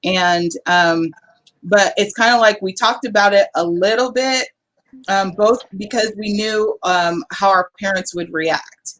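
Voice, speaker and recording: A woman's voice: medium pitch, unhurried, a bit bright. A woman from Southern California with a Southern Californian accent, a guest on a panel chat, talking in a candid, chatty way with lots of fillers.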